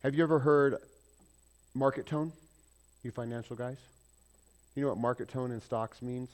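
A male preacher in mid-sermon with a middle-pitched voice. He talks in a lively, conversational way, keeps asking the congregation questions, and shifts often from loud emphasis to quiet asides. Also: normal speed. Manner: animated, asks the congregation questions, swings between loud and soft. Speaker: pastor.

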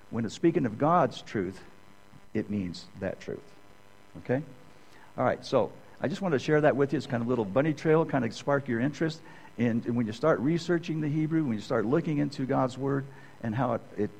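A middle-aged man gives a sermon in a relaxed, conversational style. His pitch sits in an ordinary middle range, and he keeps pausing to ask "okay?" as he goes. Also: low-quality recording. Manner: conversational, checks in with "okay?" often. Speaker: preacher.

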